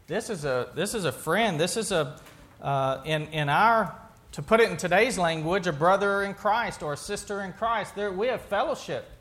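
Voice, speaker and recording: A man with a notably high voice preaches a sermon. He talks like he is chatting with his congregation, tossing them questions and backing up mid-sentence to rephrase. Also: moderate pace, fairly bright tone. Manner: conversational, asks the congregation questions, restarts sentences. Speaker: pastor.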